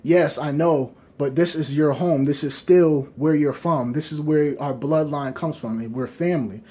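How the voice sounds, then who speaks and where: Earnest young king begging for help, husky voice, a bit high, some guy reading it. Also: normal speed, warm tone. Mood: pleading. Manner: earnest, pleading. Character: earnest young male king pleading with cousin.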